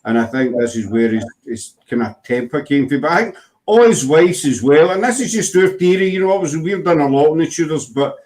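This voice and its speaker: A man's voice: a little high, lively intonation, brisk, a little mellow. Glaswegian man chatting casually. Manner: rambling, full of fillers and restarts. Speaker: host. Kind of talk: casual chat.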